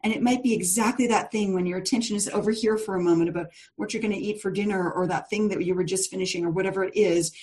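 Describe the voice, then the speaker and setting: A woman's voice: mid-range voice, fairly even intonation, quick pace, few pauses, a little mellow. Chatty encouraging woman leading an online course. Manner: chatty, encouraging, laughs often, many fillers. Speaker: course leader. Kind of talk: live online course call.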